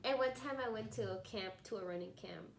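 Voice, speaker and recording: Gravelly-voiced woman host in an echoey room. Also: mid-range voice, quick pace, a crowd in the background. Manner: warmly agreeing, uses many fillers. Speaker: podcast host. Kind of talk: casual conversation. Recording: echoey room with faint background noise.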